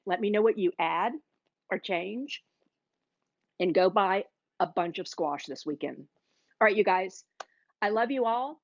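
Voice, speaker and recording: A chatty woman hosts a live cooking stream and gushes to her viewers as she tastes and talks. The sound is dry and a bit dull, like lo-fi stream audio. Her pitch sits in an ordinary middle range. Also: no echo. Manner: chatty and gushing, addresses viewers directly. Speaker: cooking class host. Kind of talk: live cooking demo chat.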